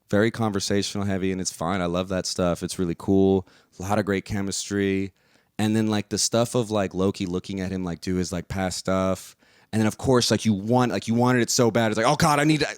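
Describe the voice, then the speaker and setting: Brief: young guy, lowish voice, loose cursing ramble, dry close sound. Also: clean tone, dry recording. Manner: rambling, profane, laughing often. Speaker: video reviewer. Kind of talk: casual spoken review.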